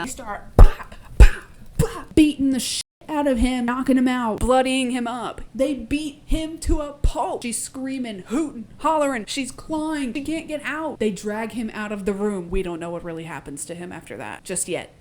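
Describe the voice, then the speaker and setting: A young woman vlogger recapping a story in a casual, animated way, swearing and going off on excited rants. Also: fairly high pitch, a little hiss or hum. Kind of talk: casual book and film recap.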